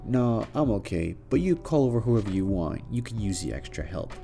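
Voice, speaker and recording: A man's voice: lowish voice, big pitch swings, fairly quick, gravelly, mellow, faint music behind. A man voicing a cocky, arrogant young rival trainer who sneers and taunts. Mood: sneering.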